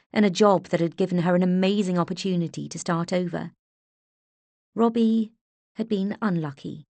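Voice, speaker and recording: A woman narrating an audiobook in a measured, unhurried way, close to the mic. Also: on the low side, vocal fry, darkish tone, dry recording. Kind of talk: scripted narration.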